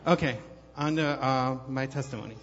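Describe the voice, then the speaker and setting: A man's voice: medium pitch, normal speed, a bit bright. A man giving a personal testimony at church, telling his story in a rambling, conversational way with many fillers and restarts. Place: church hall. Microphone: handheld microphone held too far off. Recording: long hall reverb, dull lo-fi sound.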